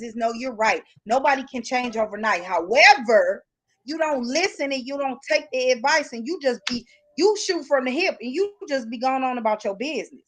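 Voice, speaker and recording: Blunt high-voiced woman podcast host. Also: fairly bright tone, low-quality recording. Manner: blunt, emphatic, repeats herself to hold the floor. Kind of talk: heated casual talk on a live call-in podcast.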